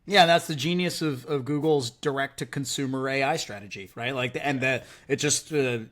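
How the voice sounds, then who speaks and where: A man's voice: mid-range voice, normal speed. A man hosting a podcast, talking casually and energetically, filling his speech with "like" and "right?". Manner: animated, heavy use of "like" and "right?". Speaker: podcast host.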